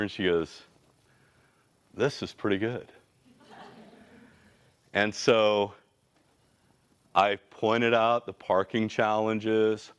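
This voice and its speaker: A man in his forties gives a motivational talk as a company CEO, telling stories with energetic, casual slang. His voice sits slightly low. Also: clean tone. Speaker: company CEO, guest speaker.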